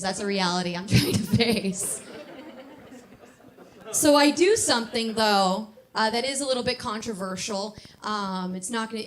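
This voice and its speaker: A woman's voice: a little high, a bit bright. A woman in her thirties doing a brash stand-up comedy set on a club stage, laughing at her own jokes. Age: 30s.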